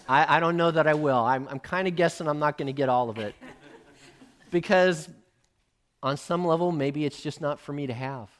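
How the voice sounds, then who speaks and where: A male preacher giving a sermon, emphatic and swinging between loud and hushed. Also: a little high, normal speed.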